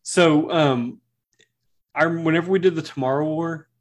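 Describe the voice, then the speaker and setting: A man co-hosting a podcast, talking about a film in a relaxed, halting way with many fillers. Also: a little high. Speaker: podcast co-host. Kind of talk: casual film discussion.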